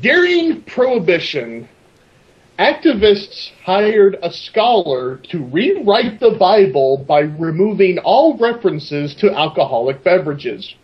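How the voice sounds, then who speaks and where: A man's voice: high-pitched, sing-song, slow pace, lo-fi sound. A man with a Southern US accent, co-hosting a joking, self-deprecating comedy chat show. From American South. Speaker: co-host.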